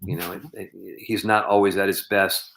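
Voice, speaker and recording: Brief: male podcast guest, deep bright-edged voice, rambling earnest storyteller. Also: level tone, moderate pace. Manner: rambling anecdotal, heavy with "you know" and "um". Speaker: podcast guest, professional bowler.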